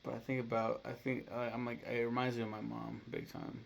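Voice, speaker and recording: Gravelly man rambling about movies. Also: medium pitch, flat delivery, slight background noise. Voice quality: gravelly fry. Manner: rambling, swears freely, acts out scenes in quick voices. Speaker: YouTuber ranking movies. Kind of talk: casual vlog chat to camera. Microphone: camera mic, talking to camera.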